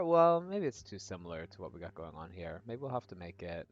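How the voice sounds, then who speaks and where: A man's voice: low voice, big pitch swings, moderate pace, gravelly, hardly any pauses, no echo. A man streaming a game, chatting casually with his viewers in a rambling way. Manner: chatty, rambling, frequent fillers and laughs. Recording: dull lo-fi audio with faint music.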